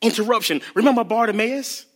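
A man preaching a sermon as a youth ministry speaker, animated and playful, acting out scenes and laughing as he talks. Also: sits high, a little fast. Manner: animated, acts out bits, laughs.

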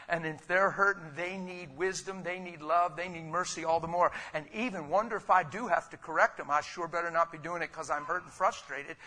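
A middle-aged male preacher with a fairly high, bright, forceful tone. He preaches with fervor, dropping to near-whispered asides before surging into loud, emphatic declarations. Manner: fervent, swinging from quiet to loud emphatic bursts. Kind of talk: sermon.

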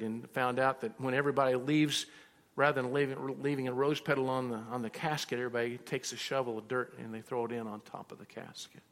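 A male pastor delivering a sermon full of personal stories, his voice gravelly with vocal fry. He acts out both sides of his conversations as he tells them. The sound rings with the long reverb of a large hall. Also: mid-range voice.

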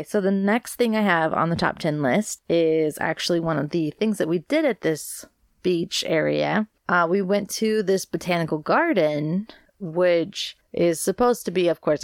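A woman's voice: deep voice, gravelly, no room sound, clean studio sound. A woman hosting a podcast in a casual, chatty, rambling way, sounding congested from allergies. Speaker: podcast host. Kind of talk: casual solo podcast chat.

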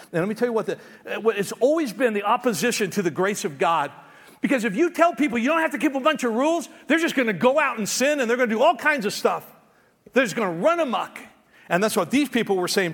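A man's voice: high voice, lively intonation, fast talker, fairly bright tone, big-room sound. A man preaching a sermon as pastor, emphatic and conversational, often restarting his words.

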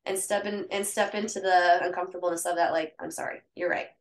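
A woman co-hosting a podcast in casual chat, telling candid, lively stories. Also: on the low side, fast. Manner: candid, animated storytelling. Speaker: podcast co-host. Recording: echoey room.

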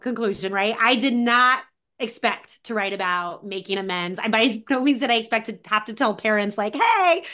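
A woman author being interviewed on a podcast, talking in an animated, casual way with many fillers and acted-out quotes. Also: high-pitched. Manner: animated, acts out quoted voices, frequent "like". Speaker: author and mentor of teen girls, guest.

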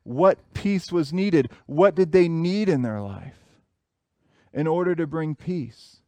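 A man's voice: on the high side, animated, slow pace, mellow, dry recording. A man in his thirties preaching a sermon, earnest and repeating phrases for emphasis. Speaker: pastor.

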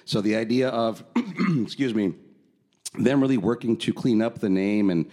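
With a mid-range, warm voice and lively intonation at normal speed, this man co-hosts a casual podcast. He speaks conversationally, leans on frequent fillers, and laughs easily.

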